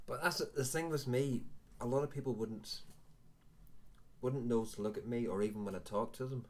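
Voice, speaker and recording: A man's voice: mid-range voice, normal speed, darkish tone. A Northern Irish man in his forties hosting a live chat show, talking candidly and self-deprecatingly in a rambling way. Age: 40s. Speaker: live show host and vape reviewer. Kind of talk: casual chat.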